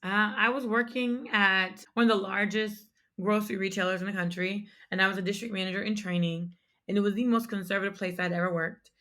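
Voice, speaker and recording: A woman's voice: medium pitch, fairly even intonation, brisk, a bit bright. A young adult woman, a company founder, telling her story in a casual and candid way as an interview guest, with lots of fillers. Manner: candid, chatty, frequent fillers.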